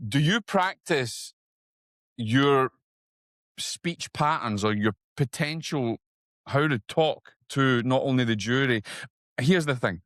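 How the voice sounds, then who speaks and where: A man's voice: takes it slowly, dry recording, clean studio sound. Eager Scottish man hosting an interview. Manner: eager, restarts often, rises in pitch when excited. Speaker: host. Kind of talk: casual interview talk.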